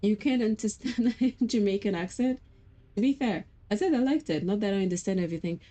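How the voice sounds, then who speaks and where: A woman's voice: medium pitch, a little fast, mellow, rough recording. A woman streaming a game, chatting casually and telling rambling stories with frequent laughs. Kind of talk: casual gameplay chat.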